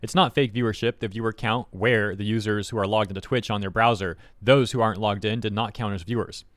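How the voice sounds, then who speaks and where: Guy doing quick wry commentary, rattles through it fast, dry close sound. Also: on the low side, fairly even intonation, dry recording. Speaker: YouTube commentator. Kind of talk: casual commentary reading tweets.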